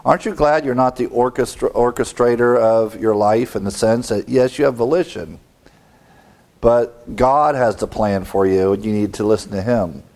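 A man's voice: medium pitch, moderate pace, vocal fry, darkish tone. Pastor, male, mid-range voice, teaching-style sermon with rhetorical questions and light chuckles. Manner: teaching, explains word meanings, asks rhetorical questions. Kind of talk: expository sermon.

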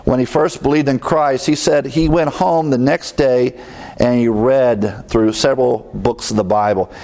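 A man's voice: mid-range voice, fairly even intonation, unhurried, mellow. Earnest male preacher. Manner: earnest, emphatic teaching with rising stresses. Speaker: pastor. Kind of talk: expository sermon.

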